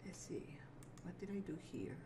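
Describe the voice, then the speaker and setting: The recording is very noisy as a gaming creator chats through a let's play in a fairly low, animated voice at a moderate pace. She talks to herself and keeps apologizing with little giggles.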